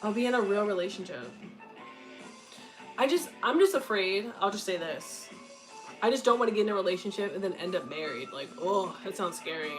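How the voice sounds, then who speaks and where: A woman's voice: mid-range voice, animated, a little fast, soft background music, rough recording. Blunt, profane young woman chatting. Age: 20s. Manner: blunt, profane, frequent laughter. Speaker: content creator answering questions. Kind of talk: casual candid chat.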